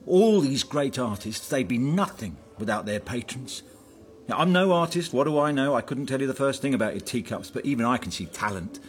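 A man's voice: mid-range voice, animated, fairly quick, a little hiss or hum, lightly acted. A man playing a jealous ex-husband who talks persistently and wheedles his former wife. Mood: pleading. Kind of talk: film drama dialogue.

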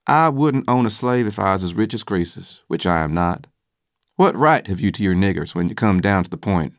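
A man reading an audiobook voices a middle-aged carpenter who argues in an earnest, deliberate way. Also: sits low, expressive, no room sound, studio quality.

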